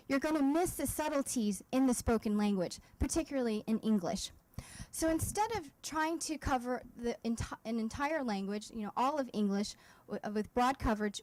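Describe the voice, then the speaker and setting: Woman founder, demo day pitch, slightly high voice, dry sound, explanatory, filler-heavy. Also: darkish tone, no room sound, poor audio. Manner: explanatory, with frequent fillers and restarts. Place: event stage.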